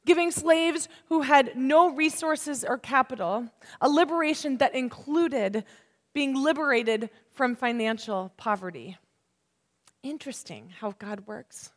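A woman in her thirties preaching a sermon in an unhurried, emphatic way, often asking the listeners questions. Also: high-pitched, fairly bright tone. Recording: long hall reverb.

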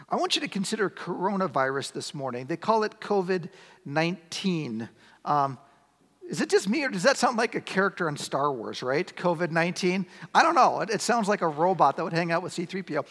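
A man's voice: high-pitched, a bit bright. A man preaching a sermon as a pastor, conversational, asking the congregation rhetorical questions. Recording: long hall reverb.

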